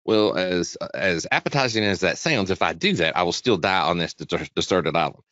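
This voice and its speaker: A man's voice: sits low, expressive, a little fast, a bit bright, dry recording. A man voicing a hungry, scheming male scorpion in an offhand, casual way during a spoken fable. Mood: persuading. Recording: dull, dry lo-fi sound.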